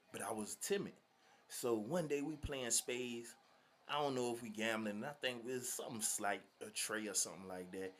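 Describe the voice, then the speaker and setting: A man from Virginia telling a story to his viewers in a slangy, animated, laughing way. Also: medium pitch. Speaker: vlogger. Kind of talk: casual storytelling.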